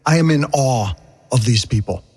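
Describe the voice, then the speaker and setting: A man's voice: mid-range voice, expressive, moderate pace, a little mellow, breathy edge, big-room sound. A man speaking as a guest, earnest and heartfelt. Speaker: guest, show co-host. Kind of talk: casual radio interview.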